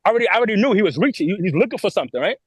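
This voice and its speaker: A man tells his story fast, his fairly high voice leaping up and down as he acts out other people's lines. He often restarts and repeats words. The sound is close and dry, with no room in it. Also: sing-song, slightly rough, dry recording. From New York. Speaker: guest telling his story. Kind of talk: animated storytelling on a podcast.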